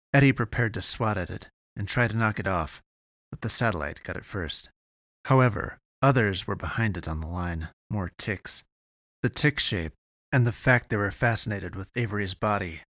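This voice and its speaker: A man narrating a science fiction audiobook in a steady, measured way. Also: fairly low pitch, dry recording, studio quality.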